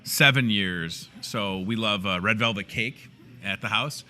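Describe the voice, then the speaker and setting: A man's voice: fairly low pitch, a little slow, sharp tone. A young man, hosting a store's daily show in a grocery store with a chatty, joking manner. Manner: chatty, playful, joking asides. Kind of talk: casual promotional chat.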